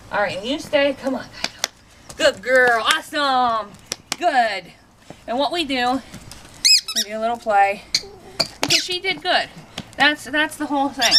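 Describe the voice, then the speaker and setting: A woman's voice: normal speed, a bit bright, slight background noise, low-quality recording. Chatty woman training her dogs. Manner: chatty, switches to high sing-song praise for dogs. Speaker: dog trainer and vlogger. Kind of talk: casual dog training demonstration.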